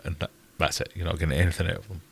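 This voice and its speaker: A man's voice: low voice, fairly even intonation, rapid-fire, gravelly, breathy edge. A man with a Glaswegian accent hosting a casual live-stream Q&A, chatty and jokey as he answers viewers. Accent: Scottish, Glaswegian. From Scotland. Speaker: host.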